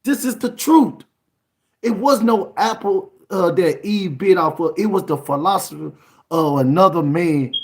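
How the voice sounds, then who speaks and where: A man preaching an emphatic sermon, repeating words and breaking into shouts. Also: high voice, a little slow. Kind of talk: fiery sermon.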